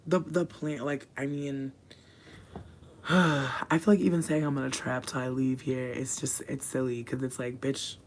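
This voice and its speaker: A livestreamer chatting casually from a room at home, rambling and swearing, swinging between quiet mutters and loud bursts. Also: medium pitch, fairly even intonation, takes it slowly, slight background noise.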